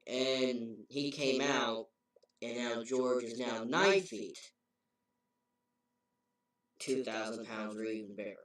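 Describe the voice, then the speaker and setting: A man's voice: mid-range voice, slow pace, pauses often, a bit bright. A man casually recapping a story's plot, rambling and correcting himself as he goes. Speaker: game reviewer. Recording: very echoey, voice far from mic.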